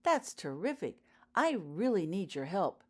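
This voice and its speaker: A woman voicing a polite, eager young girl in an audiobook reading, sounding hopeful and bright. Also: mid-range voice, expressive, normal speed, voice pushed up, close to an everyday voice. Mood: delighted.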